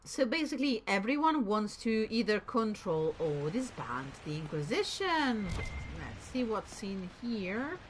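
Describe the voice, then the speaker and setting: A woman's voice: medium pitch, sing-song, measured pace, a little hiss or hum, rough recording. A woman hosting a let's play, chatting enthusiastically and reading in-game text aloud as she plays. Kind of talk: gameplay commentary.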